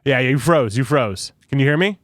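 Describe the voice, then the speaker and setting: A man's voice: mid-range voice, expressive, moderate pace, dry recording. Casual rambling male podcast host. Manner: swearing, rambling, laughs often. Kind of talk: casual chat.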